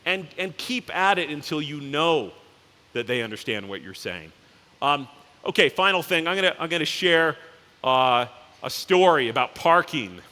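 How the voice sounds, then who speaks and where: A little high, expressive, bright and forceful, the CEO's voice fills a large, reverberant conference hall. His keynote is casual and anecdote-driven, and he brings the characters to life in quick voices.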